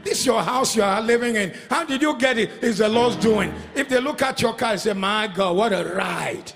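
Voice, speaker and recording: A middle-aged male pastor with a Nigerian accent preaching a fervent sermon, chanting and singing refrains and swinging from loud calls to hushed passages. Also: very high-pitched, fairly quick, music in the background. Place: church service.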